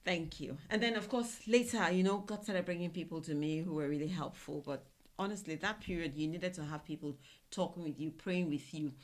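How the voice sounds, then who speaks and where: Nigerian woman cohost, really low voice, fervent, kind of preachy encouraging. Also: fairly quick. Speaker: podcast co-host. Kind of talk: casual chat.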